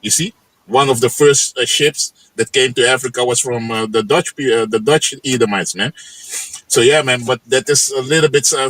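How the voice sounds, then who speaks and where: A man preaches on a livestream in a loose, rambling way. His voice is bright and forceful, recorded dry and close with no room sound. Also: medium pitch, no room sound, low-quality recording. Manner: loose and conversational, tags lines with "man" and "you know". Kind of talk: casual scripture teaching on a livestream. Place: home setting in the Netherlands.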